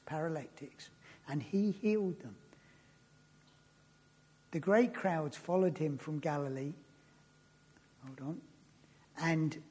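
Chatty higher-pitched male preacher. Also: warm tone, slightly rough. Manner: chatty, laughs and loses his place, reads scripture aloud. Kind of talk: informal Bible teaching.

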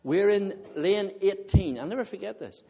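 A male preacher giving a sermon, telling a funny personal story in an animated way and often laughing as he talks to the congregation. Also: sits high, moderate pace, gravelly, husky. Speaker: visiting preacher.

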